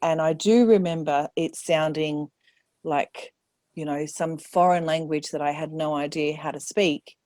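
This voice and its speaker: A woman with a very low voice talks candidly as a podcast guest. She acts out her own inner thoughts and laughs often, and the sound is close and dry. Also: steady tone, measured pace, darkish tone, no room sound. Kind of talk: casual conversation.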